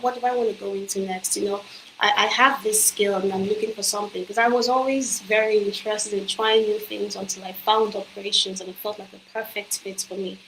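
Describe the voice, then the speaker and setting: A woman's voice: medium pitch, fairly bright tone, a little hiss or hum. Earnest woman coaching in an echoey room. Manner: earnest, persuasive direct address. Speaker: company executive and career coach. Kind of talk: motivational talk to camera. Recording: echoey room with faint ambience.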